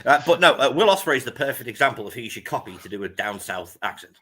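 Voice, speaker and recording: A man's voice: medium pitch, big pitch swings, fast talker, sharp tone, a little hiss or hum. A man, co-hosting a casual chat with blunt, jokey banter and British slang. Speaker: podcast co-host.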